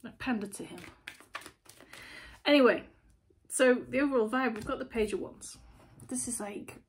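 A woman giving a casual, chatty tarot reading to camera as host, blunt and animated. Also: on the high side, normal speed, slight background noise. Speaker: tarot reader, channel host.

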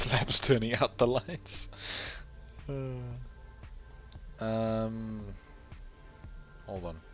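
A man hosting a game tournament stream, tired and with a sore throat, chatting in a relaxed, chuckling, rambling way. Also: on the low side, drawn-out words, long pauses. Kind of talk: casual live game commentary. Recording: dull lo-fi stream audio with game music. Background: faint game music.

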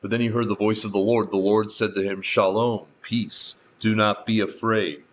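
A man's voice: fairly low pitch, fairly even intonation, moderate pace, muffled recording, slight background noise. A male pastor reading scripture verse by verse and adding his own remarks, with dry asides in between. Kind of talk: verse-by-verse Bible teaching.

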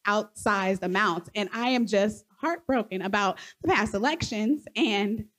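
Woman, audience questioner, emotional, near tears, nervous, rambling, average pitch. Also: measured pace, a bit bright. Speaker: audience member asking a question.

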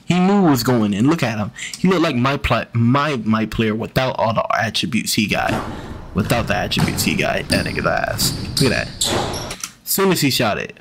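A man's voice: medium pitch, expressive, normal speed, noisy background. A man hosting a reaction video, giving casual commentary with a teasing, mocking manner and a lot of repetition. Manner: teasing, mocking, repeats himself.

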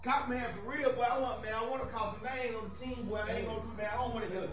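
A man playing a fed-up football fan in a comedy skit, who talks loudly, swears and uses Southern slang as he throws a friend out of his house. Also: extremely high pitch, steady tone, rapid-fire, over music. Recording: roomy sound with crowd noise.

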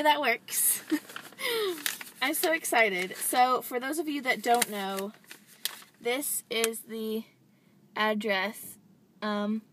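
A young woman talking in a bubbly, chatty way, full of "like" and "really," with a fairly high voice. She records a casual unboxing vlog inside her parked car, from a camera set on the dashboard. A faint hum sits behind her. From United States. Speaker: vlogger. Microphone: handheld camera set down on the dashboard.

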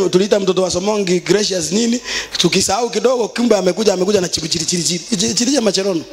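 A Kenyan man preaching as a bishop, mixing Swahili with English and rising into shouted, sing-song passages. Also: high voice, in a large hall. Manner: switches between Swahili and English. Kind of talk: sermon.

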